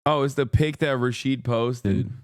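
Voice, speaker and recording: A man's voice: mid-range voice, steady tone, a little slow, no echo. A man livestreaming casual political commentary, ranting in a sarcastic, profane, heated way on a close mic.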